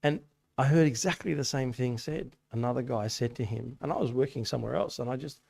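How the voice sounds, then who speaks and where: In a church hall, a man gives a casual, conversational sermon to a youth group, telling stories and posing rhetorical questions. His mid-range voice is fairly quick, creaky, a little mellow and slightly rough.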